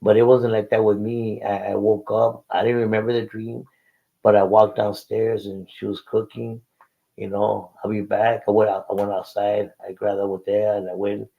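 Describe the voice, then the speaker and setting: A man's voice: on the low side, little pitch movement, moderate pace, gravelly, narrow, tinny audio. A middle-aged man casually telling his life story in an interview, using street slang and Spanish words and often repeating himself.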